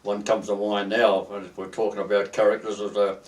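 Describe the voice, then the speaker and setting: An older Australian man recalls his working life in a halting, rambling way, often restarting his sentences. His voice sits a little away from the mic. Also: on the low side, level tone, distant mic. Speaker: retired merchant seaman. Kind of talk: oral history interview.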